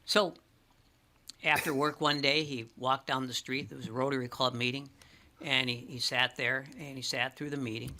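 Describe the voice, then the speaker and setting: A man with a strikingly bright, forceful tone spins a rambling story as a talk-show guest. He restarts his sentences often and grows animated as he goes. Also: mid-range voice, moderate pace. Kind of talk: casual chat, storytelling.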